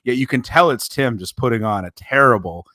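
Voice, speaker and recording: Brisk and pushed, this man's medium-pitched voice comes across bright. Co-hosting a podcast, he wanders through stories casually and keeps correcting himself, in clean studio sound with no room noise.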